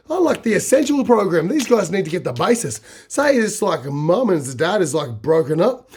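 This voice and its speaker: A man's voice: high-pitched, very animated, normal speed, a little mellow, a little hiss or hum. An Australian man talking casually to camera, rambling with many fillers. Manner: rambling, fills with "say" and "like". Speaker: vlogger.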